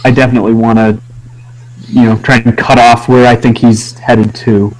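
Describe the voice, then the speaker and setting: A man's voice: mid-range voice, level tone, normal speed, a little mellow, rough recording. A man playing a tabletop game, talking casually and hesitantly. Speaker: player.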